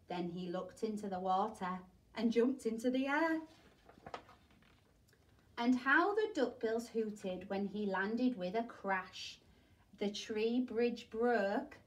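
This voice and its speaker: A woman teacher reads a rhyming picture book aloud for children, telling it expressively. She takes her time, with a fairly high voice. The recording sounds distant, as if she is sitting back from the microphone. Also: slow. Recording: voice distant from the mic.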